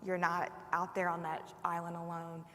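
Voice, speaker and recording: A woman's voice: fairly low pitch, monotone, normal speed, fairly bright tone. A woman on a live panel speaking emphatically and conversationally about her own experience as a leader. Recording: reverberant hall, faint background noise.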